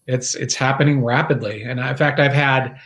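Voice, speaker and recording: A man's voice: mid-range voice, a little fast, a little hiss or hum. A man at home, a small business owner, chatting casually as a podcast guest and laughing easily. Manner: relaxed, conversational, laughs often. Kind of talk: casual video podcast chat. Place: home, with his dogs.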